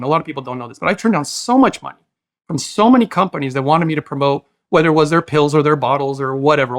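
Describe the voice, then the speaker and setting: A man's voice: fairly high pitch, a bit bright. A man speaking as a podcast guest, earnest and emotional, talking in a preachy, heartfelt way and calling the host brother. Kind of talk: casual interview talk.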